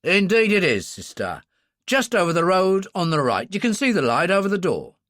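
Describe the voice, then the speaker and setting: A man's voice: high voice, sing-song, moderate pace, a bit bright, no room sound, studio quality, pitched above the performer's own voice. A man voicing a friendly London policeman giving directions in an audiobook. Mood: helpful.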